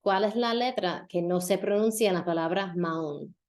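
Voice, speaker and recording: Brief: female podcast host teaching Spanish, lively, drills pronunciation. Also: fairly low pitch. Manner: lively, repeats words slowly to model pronunciation. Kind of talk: casual podcast lesson.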